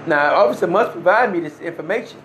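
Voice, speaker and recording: Male storyteller, high voice, emphatic and earnest, slight room echo. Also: expressive, fast, a bit bright, a little hiss or hum. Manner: earnest, emphatic, with short restarts and wry laughs. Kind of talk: personal first-person storytelling. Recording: roomy echo.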